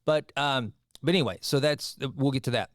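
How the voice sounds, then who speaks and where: A man's voice: mid-range voice, normal speed, no room sound, studio quality. A middle-aged man hosting a podcast, talking casually and digressing as he comments on an article. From Texas. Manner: conversational, digressive, chatty asides. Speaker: podcast host.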